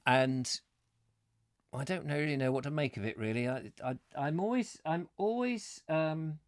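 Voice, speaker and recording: A man hosting a live stream from home, chatting casually and self-deprecatingly to his viewers. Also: mid-range voice.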